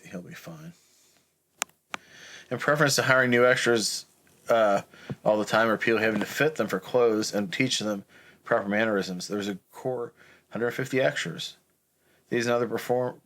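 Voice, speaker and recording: A man's voice: fairly low pitch, fairly bright tone, a little hiss or hum. A man co-hosting a podcast, reading out movie trivia in a casual, chatty way. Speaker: podcast co-host.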